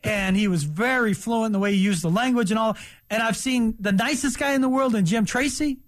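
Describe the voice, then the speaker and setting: A man in his fifties talks sports on the radio in an unusually high voice. He is emphatic and opinionated and speaks with animated energy into a studio mic. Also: brisk. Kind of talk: sports talk radio chat.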